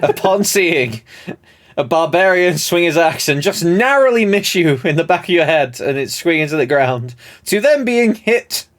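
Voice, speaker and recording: A man's voice: fairly high pitch, sing-song, moderate pace. A man running a tabletop game as game master, narrating the scene and ruling on rolls in a rambling way with many fillers and frequent laughter.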